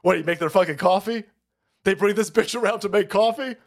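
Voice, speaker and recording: A man hosting a live stream, ranting in profane commentary, mocking his targets, laughing often and breaking into shouts. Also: sits high, fairly quick.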